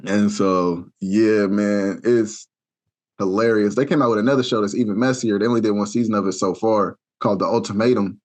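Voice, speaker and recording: A man co-hosting a podcast in casual chat, retelling scenes with lively acted-out quotes and loose, slangy talk. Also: fairly low pitch, a little fast. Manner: animated storyteller, acts out quotes in shifting voices; loose, slangy, with frequent fillers. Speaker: podcast co-host.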